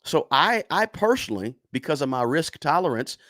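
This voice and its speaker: A man's voice: fairly high pitch, big pitch swings, normal speed, fairly bright tone, no room sound, studio quality. A middle-aged man hosting a casual livestream lesson, repeating points for emphasis and asking "right?" constantly while answering chat. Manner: repetitive, emphatic, tags lines with "right?"; chatty and encouraging toward viewers. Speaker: livestream host teaching investing.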